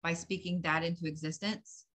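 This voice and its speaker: With a lowish, slightly bright voice and fairly even intonation, a woman channels a psychic reading at a moderate pace. She talks directly to the listener, and her advice comes out blunt, profane and emphatic.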